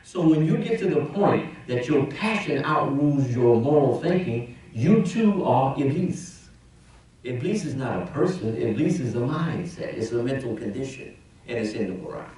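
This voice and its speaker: In a mosque prayer hall, a man serving as imam gives a Friday sermon in a conversational preaching style, posing rhetorical questions as his mid-range, expressive, slightly mellow voice rises and drops at a moderate pace. He stands off-mic, and the hall is very echoey.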